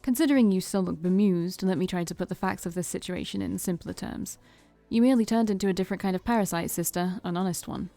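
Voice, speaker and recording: A woman's voice: fairly low pitch, gravelly, warm tone, no room sound, faint music behind. Brief: woman reading a knowing vampire mentor, theatrical, dry close sound. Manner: slow, knowing, preacher-like. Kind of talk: reading a visual novel aloud.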